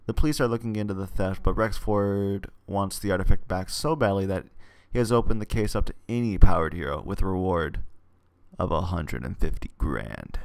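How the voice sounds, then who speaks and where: A man's voice: low voice, creaky. A man reading a text adventure game aloud in a casual way, stumbling and tossing in joking asides.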